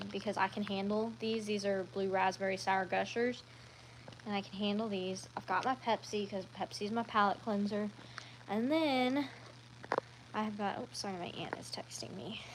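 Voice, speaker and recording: A woman's voice: medium pitch, low-quality recording. Female streamer, casual live chat, rambling delivery, mid-range voice, faint background noise. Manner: chatty and rambling, with frequent ums and self-corrections. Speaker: livestreamer.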